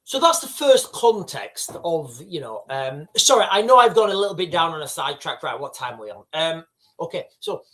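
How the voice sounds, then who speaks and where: In casual livestream commentary, a middle-aged man from the United Kingdom chats with viewers, sidetracking and rambling as he hosts. His pitch is high and his tone a bit bright.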